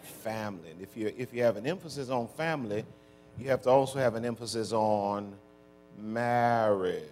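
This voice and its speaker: A man's voice: mid-range voice, moderate pace, a little mellow, soft background music. A man preaching a conversational sermon to a congregation, drawing call-and-response and using folksy words like y'all and ain't. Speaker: pastor. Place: church before a congregation.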